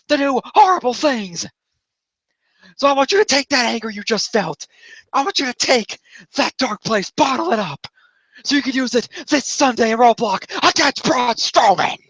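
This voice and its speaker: A man voicing an impassioned older male wrestling authority figure, much higher and louder than his own talk. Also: dry recording, heavily acted. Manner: impassioned, shouting speech.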